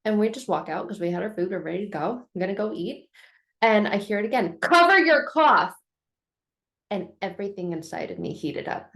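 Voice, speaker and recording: A woman's voice: mid-range voice, fast talker, a little mellow. A middle-aged woman tells a personal story from her life and draws a lesson from it, in an earnest, emphatic way, repeating phrases for effect. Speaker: vlogger telling a life lesson.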